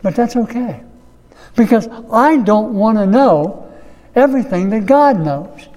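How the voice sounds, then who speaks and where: A pastor delivering a sermon, preaching slowly and emphatically, repeating key phrases. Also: male voice, high voice, mellow, in a large hall.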